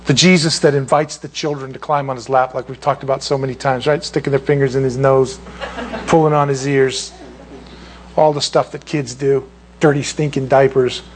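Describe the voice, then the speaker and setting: A man preaching a sermon as a pastor, telling a story with feeling and dropping into high mocking voices for the people he quotes. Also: slight background noise.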